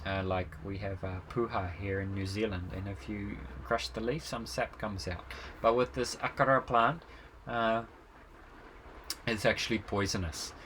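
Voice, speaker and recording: A man tells a devotional story in a relaxed way, pausing often on fillers. His voice is bright and clear, with faint noise behind. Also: fairly low pitch, low-quality recording. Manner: relaxed, with frequent fillers and chuckles.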